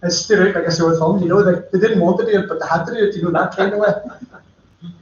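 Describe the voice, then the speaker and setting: Preacher guy, kinda high voice, chatty storytelling sermon, super echoey muffled church stream. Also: a little fast. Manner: chatty storytelling, addressing listeners directly.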